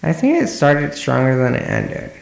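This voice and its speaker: Very gravelly man cracking wry quips. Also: on the high side, big pitch swings. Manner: wry quips, quick interjections. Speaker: podcast co-host. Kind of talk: casual podcast chat. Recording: echoey room recording.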